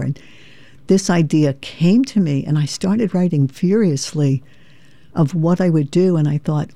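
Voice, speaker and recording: A woman's voice: low voice, moderate pace, gravelly, dark tone, no room sound. A woman from New York, a memoir author and performer, earnest and reflective, reading from her memoir and chatting as a guest. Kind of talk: reading memoir, then casual interview chat.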